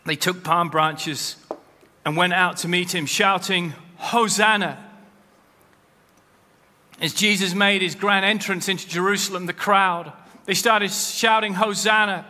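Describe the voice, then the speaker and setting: A man's voice: sits high, fairly even intonation, moderate pace, sharp tone. A man preaching a sermon as pastor, with rising emphasis as he quotes scripture. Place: church. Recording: long hall reverb.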